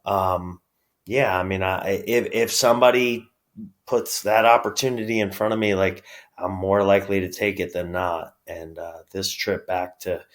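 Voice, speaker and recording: Man, new york accent, very low voice, easygoing, halting phrases, interview guest. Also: steady tone. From upstate New York. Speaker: guest, pro wrestler. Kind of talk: casual interview chat.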